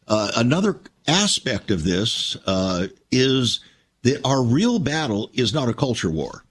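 An older man hosting a Christian radio talk show, telling stories in a measured, reflective way. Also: mid-range voice, sing-song, slightly rough.

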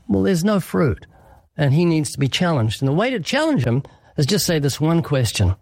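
Very animated and fairly high-pitched, a man speaks at a moderate pace in a slightly mellow tone; the studio recording has no echo. As an evangelist interview guest, he preaches his answer earnestly and emphatically, dramatizing small quoted exchanges.

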